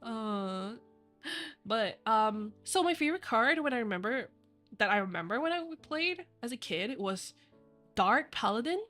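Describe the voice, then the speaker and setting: A young woman streams and chats casually, rambling with lots of fillers and giggling often. Her voice sits a little high for a woman, and soft music plays faintly behind her. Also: big pitch swings, unhurried. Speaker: virtual streamer. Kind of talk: casual livestream chat.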